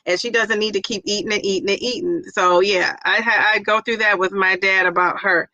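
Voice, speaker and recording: A woman's voice: mid-range voice, fairly even intonation, a little fast, sharp tone, dry recording, dull audio. A middle-aged woman hosting a casual livestream, chatting, reading viewer comments aloud and laughing often. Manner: chatty, laughs often, exclaims "Jeez Louise". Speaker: livestream host.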